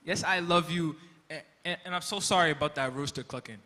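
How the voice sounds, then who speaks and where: A young man plays Peter the fisherman, an excitable disciple who rambles with comic energy. His voice sits fairly high and sounds very bright. It rings out through a long, reverberant school hall. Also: a little fast. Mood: excited. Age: young adult. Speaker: student actor in a school skit. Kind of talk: stage skit acting. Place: school auditorium.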